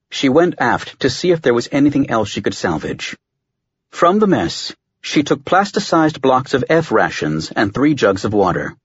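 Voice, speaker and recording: Male narrator, husky tone, lively pitch, dramatic storytelling, dry close mic, dull audio. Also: moderate pace, dry recording. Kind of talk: scripted narration.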